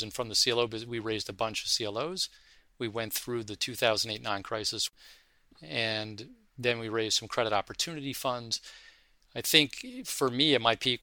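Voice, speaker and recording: A man, a fund manager, speaking from his office in an interview, telling his career story in an animated way and acting out the voices in his anecdotes. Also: on the low side, dry recording. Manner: animated anecdotal storyteller, acts out quoted dialogue.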